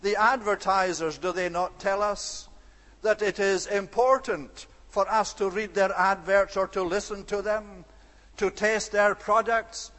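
High-voiced man preaching in a reverberant hall. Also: fairly even intonation, fairly bright tone. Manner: earnest, measured, slows to stress scripture words. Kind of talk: expository sermon. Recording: long reverb of a large hall.

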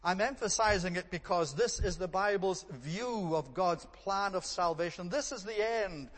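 A man's voice: high voice, moderate pace, fairly bright tone. A man preaching a sermon in a church, earnest and emphatic, repeating phrases for stress. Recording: long reverb of a large hall.

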